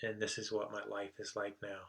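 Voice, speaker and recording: A man's voice: lowish voice, monotone, brisk, fairly bright tone, slight background noise, poor audio. A male pastor giving a conversational sermon, often restarting and repeating words as he explains a passage.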